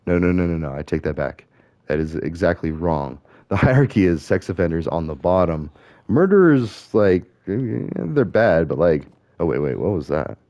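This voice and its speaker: A man's voice: low voice, lively intonation, normal speed, a little mellow, no room sound. A middle-aged man talking in rambling, casual commentary as he plays a game, musing aloud and correcting himself as he goes. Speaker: gaming streamer.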